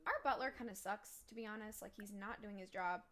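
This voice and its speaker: A woman's voice: medium pitch, fairly quick, a bit bright. A woman hosting a let's play, giving rambling gameplay commentary full of fillers.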